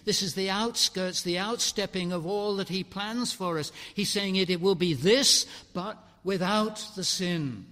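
A man delivers a sermon in a fairly high voice, rising to loud declarations and dropping to near-quiet. His words ring out with a long reverb, as if spoken in a large hall or church. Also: unhurried, few pauses. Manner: dramatic preaching, swinging between loud and hushed. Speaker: preacher.

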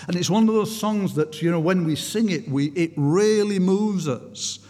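A man's voice: fairly high pitch, normal speed, hardly any pauses, darkish tone. A man preaching a sermon, telling a story in an earnest way and often restarting his sentences. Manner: earnest storytelling, frequent restarts, rising intensity. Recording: long hall reverb.

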